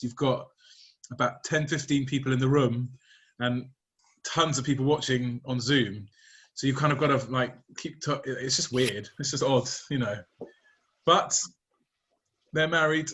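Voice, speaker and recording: A man's voice: mid-range voice, a little slow, fairly bright tone. A man leading an online class as rabbi, chatting casually on a video call with fillers and asides. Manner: chatty, apologetic, rambling with fillers. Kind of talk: casual chat.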